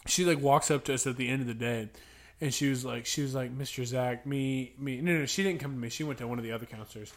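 A man's voice: medium pitch, fast. Young male podcast co-host, casual storyteller who acts out kids' voices. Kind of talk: casual chat.

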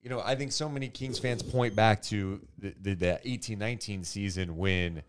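A man's voice: on the low side, normal speed, clear, resonant tone. A man co-hosting a basketball podcast in casual, filler-heavy chat. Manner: animated, lots of fillers. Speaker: podcast co-host.

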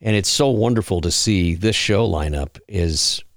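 A man's voice: deep voice, unhurried, no room sound. A man co-hosting a casual chat, enthusiastic and full of praise. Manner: enthusiastic, lively, gushing praise. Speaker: air show podcast co-host. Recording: dry close mic.

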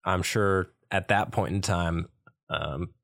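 A man co-hosting a podcast in casual conversation. His voice is very deep with a gravelly fry, and he rambles hesitantly, circling his points. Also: steady tone, slow, a bit bright. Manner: rambling, hesitant, lots of fillers and restarts. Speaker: podcast co-host. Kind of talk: casual chat.

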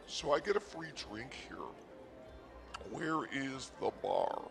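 A man of middling pitch tells a rambling, self-mocking comedy story, boasting and then poking fun at himself. He speaks from a casino while soft music plays in the background. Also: lively intonation, slow, vocal fry. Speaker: comedy podcast host.

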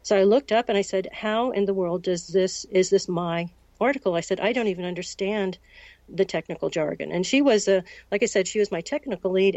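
A woman in her sixties from the United States, recounting a personal story as an interview guest in a measured way and acting out the dialogue. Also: medium pitch, darkish tone, dry recording. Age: 60s. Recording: dull, lo-fi recording.

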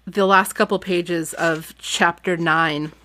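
A woman's voice: fairly low pitch, fairly even intonation, slow pace, pushed and bright. A woman co-hosting a podcast, chatting casually about a book, recapping it with lots of laughter. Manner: chatty, laughs often, recaps the plot animatedly. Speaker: podcast co-host. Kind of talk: casual book-club chat with read-aloud passages.

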